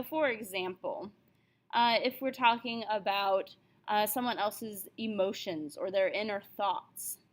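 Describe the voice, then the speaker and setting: A woman teaching a recorded writing lesson, explaining points step by step and reading short example passages aloud. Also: a little high.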